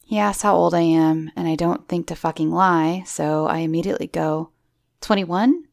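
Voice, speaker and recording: A woman's voice: low voice, fairly even intonation, moderate pace, creaky, darkish tone, no room sound, studio quality. A woman host reading listeners' true horror stories aloud, with wry, swearing asides. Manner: wry, swearing asides between story lines. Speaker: horror story narrator.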